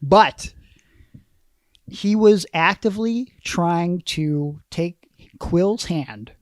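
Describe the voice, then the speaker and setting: A man's voice: sits high, very slow, dry recording, clean studio sound. A man co-hosting a podcast, telling rambling, self-mocking stories in casual chat. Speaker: podcast co-host.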